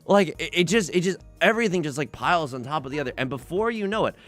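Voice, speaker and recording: A young man streaming a game, chatting in a rambling, self-deprecating way with sudden loud outbursts. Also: a little high, lively intonation, quick pace, soft background music. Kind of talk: casual livestream chat while gaming.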